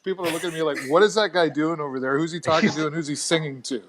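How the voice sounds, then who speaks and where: A man's voice: a little high, fairly even intonation, racing, a loud crowd. Upbeat man on a video call. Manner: upbeat, breezy advice. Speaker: guest speaker. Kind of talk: casual live chat. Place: hotel lobby.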